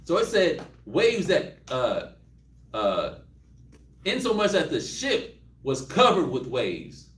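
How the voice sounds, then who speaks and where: Animated Texan Bible teacher, high voice. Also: male voice, slow pace, long pauses. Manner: animated, joking, acts out scenes. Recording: roomy, distant mic.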